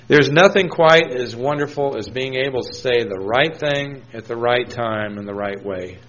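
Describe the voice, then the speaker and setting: A man's voice: medium pitch, unhurried, a bit bright. Conversational male preacher, dull recording. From New Hampshire, USA. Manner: storytelling, conversational with scripture quotes. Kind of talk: sermon.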